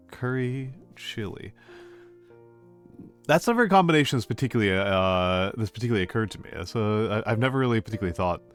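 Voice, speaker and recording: Low-voiced man chatting to his stream. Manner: rambling, repeats phrases, gently playful. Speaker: VTuber streamer. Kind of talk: casual chat with live viewers.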